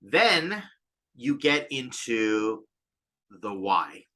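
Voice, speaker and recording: Bright-voiced man coaching founders. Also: mid-range voice, sing-song, drawn-out words. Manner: coaching, stops to reflect, acts out inner questions. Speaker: startup advisor. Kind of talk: explaining to camera.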